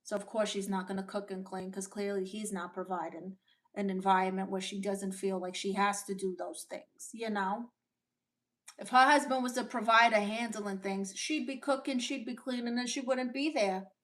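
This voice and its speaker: A woman's voice: medium pitch, fairly even intonation, a bit bright, lightly acted. A woman playing a brash, sassy Brooklyn auntie. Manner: sassy, blunt, quick retorts. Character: brash, opinionated Latina aunt giving blunt advice. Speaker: comedian hosting a livestream. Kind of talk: in-character livestream chat, reading viewer comments.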